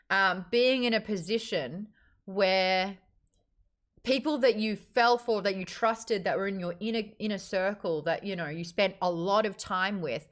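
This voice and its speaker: A woman hosts a casual live-streamed book chat in a mid-pitched voice. She is blunt and animated, swears freely and rants at length. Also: a little slow, soft background music. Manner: animated, acts out quotes. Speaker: book club host.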